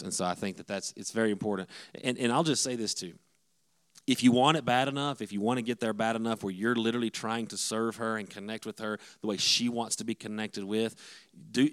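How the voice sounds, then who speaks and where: A man's voice: fairly low pitch, smooth. A middle-aged man, a pastor, giving a conversational sermon-style talk on marriage to the men, with frequent restarts.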